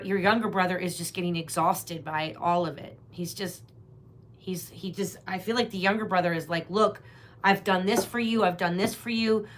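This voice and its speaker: A woman hosting a live tarot reading stream, chatting casually and talking straight to her viewers. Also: medium pitch. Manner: chatty, rambling, talks directly to viewers. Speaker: tarot reader, livestream host.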